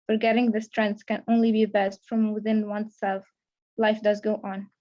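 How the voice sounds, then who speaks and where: A woman's voice: mid-range voice, monotone, normal speed, mellow, lo-fi sound. A young woman, a creative writing student, reading her own first-person fiction aloud steadily, with small restarts. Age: young adult. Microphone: video call.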